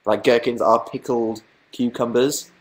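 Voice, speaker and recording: A man's voice: mid-range voice, fairly even intonation, a little slow. A young man chatting casually on a livestream, rambling, mocking himself and reading viewers' comments aloud. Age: young adult. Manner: rambling, self-mocking, reads chat aloud. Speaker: livestream host.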